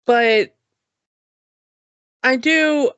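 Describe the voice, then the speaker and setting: A podcast co-host in casual chat, relaxed and easygoing, who peppers every thought with "you know". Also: sits high, drawn-out words, no room sound. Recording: dull lo-fi sound.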